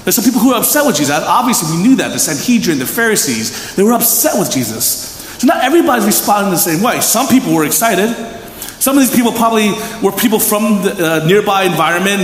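Animated high-voiced preacher in echoey hall. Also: male voice, fast. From Philadelphia, USA. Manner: animated, chatty, asks the audience questions. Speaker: pastor. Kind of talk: conversational sermon. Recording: echoey hall reverb, faint room noise.

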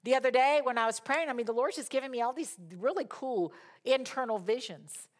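A woman preaching a sermon, rising to loud, impassioned declarations and dropping to soft, chatty asides. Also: high-pitched, fairly quick.

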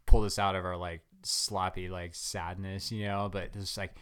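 A man with a fairly low voice chatting as a guest, rambling through a story full of fillers. He tells it in an animated, storytelling way. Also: moderate pace, clean tone. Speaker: guest runner. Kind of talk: casual interview chat.

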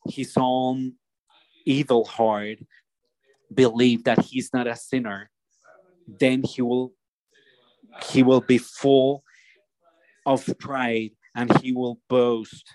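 A man preaching a sermon, slow and deliberate, often restarting his phrases as he explains a passage. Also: mid-range voice, flat delivery, a little mellow, dry recording, low-quality recording.

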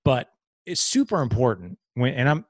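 A man's voice: medium pitch, big pitch swings, normal speed, no room sound, studio quality. A middle-aged man hosting a podcast, explaining ideas in casual conversation and acting out little example dialogues. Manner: earnest, explains with examples and acted-out quotes. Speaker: podcast host.

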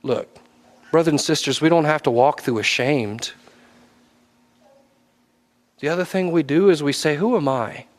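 Male preacher, high voice, rising exhortation with hushed asides. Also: a little slow, long pauses. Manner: swings between loud exhortation and low, dropped asides. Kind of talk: sermon.

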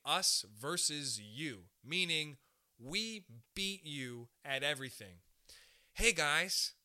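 A young man doing a rambling, profane stand-up style monologue. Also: fairly high pitch. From Canada. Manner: profane, rambling, animated asides.

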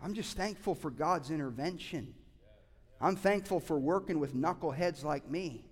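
A male pastor preaching a sermon with passion, swinging from loud urging to quiet asides. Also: a little high, normal speed. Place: church sanctuary. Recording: hall reverb.

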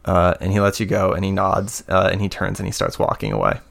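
Gravelly, low-voiced game master. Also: male voice, fairly quick. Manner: relaxed, hesitant, many fillers. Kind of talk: narrating a tabletop game.

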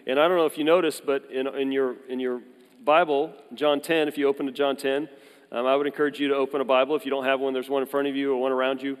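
A man's voice: mid-range voice, little pitch movement, clean tone. Storytelling male pastor, hall echo. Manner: conversational, jokey storytelling with quick asides. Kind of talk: sermon with personal stories. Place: church hall. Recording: long hall reverb.

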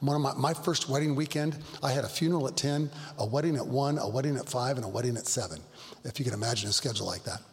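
Creaky-voiced pastor in reverberant hall. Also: male voice, medium pitch. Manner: halting, many restarts, earnest. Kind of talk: Bible study talk, storytelling. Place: church hall.

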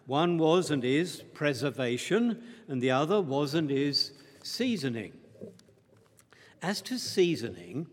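Measured male preacher in a reverberant hall. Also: fairly high pitch. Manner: measured, emphatic, deliberate delivery. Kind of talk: sermon.

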